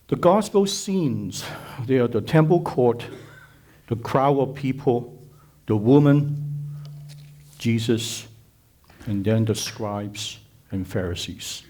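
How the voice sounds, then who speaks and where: A man delivers a sermon in a mellow, warm voice at an ordinary middle pitch. He preaches emphatically, repeating phrases and putting rhetorical questions to his listeners. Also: lively intonation, takes it slowly, pauses often. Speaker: speaker at a conference.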